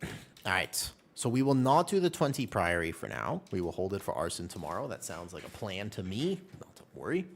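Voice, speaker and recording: Man, game streamer, casual chat with viewers, lively storyteller, low voice. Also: brisk. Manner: animated storyteller chatting with viewers.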